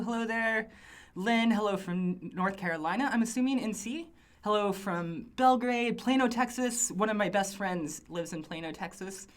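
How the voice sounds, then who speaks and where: A woman hosting a casual live stream from a small office studio, reading out viewer greetings in an upbeat, rambling way with lots of fillers. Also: medium pitch. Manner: chatty and upbeat, rambling asides with frequent fillers. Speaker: livestream host.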